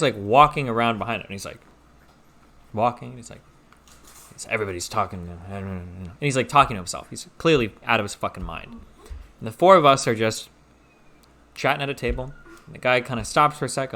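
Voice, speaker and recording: A young man streaming, teasing a visitor and telling a story in an animated, profane way. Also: mid-range voice, a little fast. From Omaha, Nebraska, US. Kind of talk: casual stream chat and storytelling.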